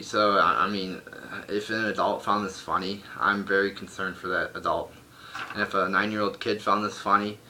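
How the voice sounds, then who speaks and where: A man's voice: low-pitched, pushed and bright, a little hiss or hum. A young man reviewing a wrestling show at home, ranting bluntly with a lot of swearing. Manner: profane, blunt, exasperated ranting. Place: home room.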